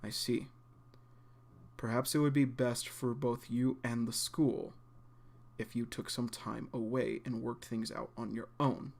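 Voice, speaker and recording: A calm, stern middle-aged headmaster, read by a man, speaking quietly and formally in a low, gravelly voice. Every word sounds measured.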